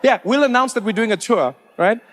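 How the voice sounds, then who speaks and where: A man's voice: sits high, lively intonation, fairly quick, a bit bright. A man performing a stand-up routine, acting out other people's voices as he tells his stories. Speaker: stand-up comedian. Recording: live show in a large reverberant venue.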